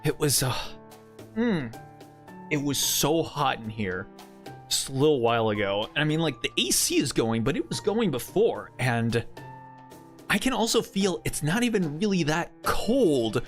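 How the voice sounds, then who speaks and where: A man's voice: a little high, sing-song, a little slow, soft background music. A man streaming a story game, rambling casually and swearing freely. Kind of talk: casual gaming stream chat.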